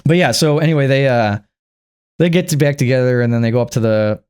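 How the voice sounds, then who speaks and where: A man giving a casual, rambling and profane movie recap, acting out the characters in squeaky put-on voices. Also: quick pace, a little mellow, clear, resonant tone. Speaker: movie reviewer.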